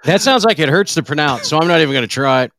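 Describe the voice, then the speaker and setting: A man's voice: fairly high pitch, animated, fast talker, fairly bright tone, no room sound. Teasing, joking male co-host. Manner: joking, teasing, quotes movies. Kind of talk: casual banter.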